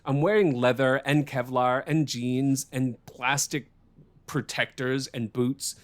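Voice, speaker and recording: A man's voice: mid-range voice, fairly even intonation, takes it slowly. A man hosting a podcast, telling a story in casual chat, swearing freely and laughing often. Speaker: podcast host.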